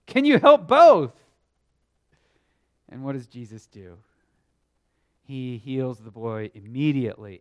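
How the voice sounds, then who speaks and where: Brief: unhurried male Sunday school teacher, earnest, emphatic, swings from loud to hushed. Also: medium pitch. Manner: earnest, emphatic, swells loud then drops quiet; thinks aloud with small restarts. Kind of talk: Bible lesson teaching.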